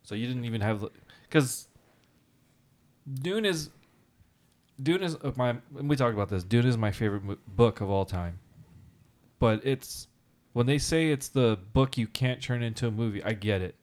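A man co-hosting a casual podcast, a teacher who tells animated stories, acts out quotes and talks with many fillers. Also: medium pitch, moderate pace, long pauses. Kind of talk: casual chat.

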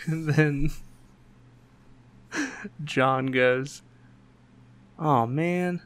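A man, telling a family story in casual chat and acting out the quotes in raised voices. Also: normal speed. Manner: animated, acts out quotes in higher voices, laughs often. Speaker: podcast host.

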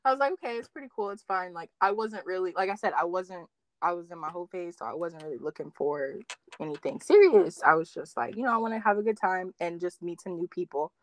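A young woman telling dating stories in casual chat, full of "like" fillers and quoting others with big jumps in pitch. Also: a little fast, dry recording. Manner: animated storyteller, acts out quotes with big pitch jumps, many "like" fillers.

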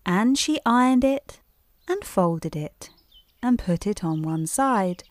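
A woman reads a bedtime story in a gentle, unhurried way. Her voice moves up and down with a lively melody. The recording is close and dry. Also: mid-range voice, no room sound.

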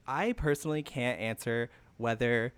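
A man's voice: medium pitch, moderate pace, clear, resonant tone, no echo. A man co-hosting a podcast in casual chat, telling the story and acting out quotes with frequent laughs. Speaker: podcast co-host. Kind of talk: casual chat recapping a TV show.

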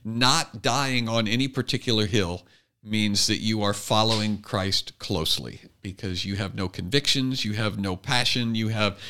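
Guy cohosting a podcast, bright forceful voice, earnest, keeps restarting sentences as he argues. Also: lowish voice. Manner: earnest, builds his argument with restarts and quoted asides. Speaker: podcast co-host. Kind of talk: casual podcast chat.

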